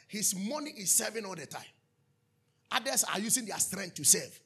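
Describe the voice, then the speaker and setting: A man preaching a sermon as pastor, swinging from sudden shouts to hushed asides. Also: sits high, expressive, normal speed, vocal fry, husky.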